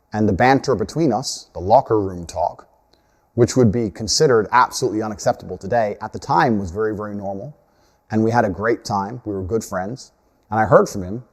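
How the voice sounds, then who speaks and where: A man in his thirties from the United States, telling his life story in a measured, earnest way. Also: fairly low pitch, darkish tone. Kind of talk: self-told life story in a video. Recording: long hall reverb.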